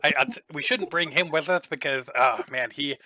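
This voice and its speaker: A man's voice: on the high side, moderate pace, pushed and bright, no echo. A man voicing a chatty, flirtatious male gnome shopkeeper who rambles on and on. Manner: rambling, overly friendly, flirtatious.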